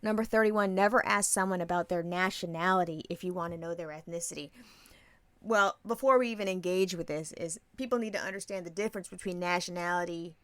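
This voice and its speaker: Woman, podcast co-host, mid-pitched, blunt and playful, swears casually, dry close sound. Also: a little fast, no echo. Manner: blunt, playful, swears freely, acts out quoted exchanges. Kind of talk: casual chat.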